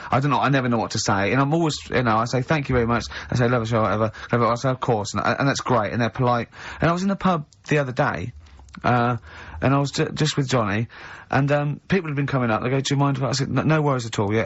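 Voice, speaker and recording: An English man hosting a radio show who teases his co-hosts and laughs a lot. His voice sits in a middle pitch, and the recording sounds a little dull and lo-fi, like an old radio show. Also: quick pace, few pauses, a bit bright. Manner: teasing, laughs often, acts out other people's voices in stories. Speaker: radio host. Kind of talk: casual radio banter.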